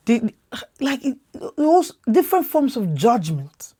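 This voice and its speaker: A Nigerian-accented woman in her thirties delivers impassioned opinion talk as a podcast host. Her somewhat high voice rises and falls a great deal, and she talks loudly and expressively. She often doubles back on words as she drives her point home. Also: measured pace, slightly rough. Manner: emphatic, repeats words when worked up; loud, expressive way of talking.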